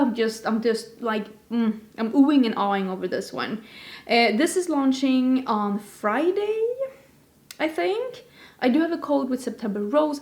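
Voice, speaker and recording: A woman's voice: fairly high pitch, a little mellow. A woman hosting a casual beauty vlog, chatty and rambling, with self-deprecating asides. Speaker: beauty vlogger host. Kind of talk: casual chat.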